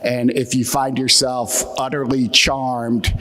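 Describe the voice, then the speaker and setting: A man's voice: medium pitch, little pitch movement, slow pace, pushed and bright, long reverb tail, soft background music. A man from the Philadelphia area giving a conference talk with a Philadelphia accent and a wry, joking lecture tone. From Atlantic Midland United States. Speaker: conference speaker. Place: conference hall.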